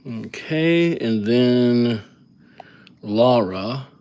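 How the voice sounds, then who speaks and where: A man with an ordinary midrange voice chats on his live stream in an easygoing, rambling way. He wanders off on tangents and thinks aloud as he goes, never rushed or formal. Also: mid-range voice, animated, darkish tone, smooth. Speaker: livestream calligraphy host. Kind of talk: casual live-stream chat.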